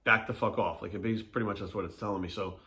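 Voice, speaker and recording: A man's voice: on the low side, steady tone, quick pace, sharp tone. A man, a personal trainer, ranting casually in a vlog, swearing constantly and acting out what others said to him. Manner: heated, swears constantly, acts out quotes. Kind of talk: casual profane vlog rant. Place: Fairfax, Virginia area.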